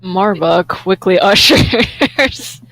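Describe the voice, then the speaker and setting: A woman joking around as a player in a tabletop game, swearing now and then. Her voice has a gravelly edge and a lively pitch. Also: drawn-out words, poor audio. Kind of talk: casual tabletop game talk.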